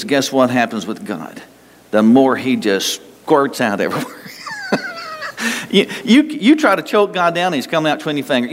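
This sermon comes from a pastor whose mid-range male voice rings with a long reverb tail, as though in a large hall. Preaching with folksy emphasis, he stretches key phrases slowly and keeps coming back to repeat them.

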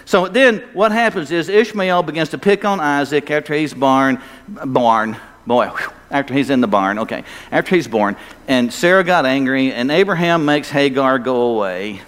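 A man's voice: fairly high pitch, animated, normal speed, fairly bright tone. A male pastor preaching a sermon, emphatic and full of rhetorical questions for the congregation. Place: church sanctuary. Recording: long hall reverb.

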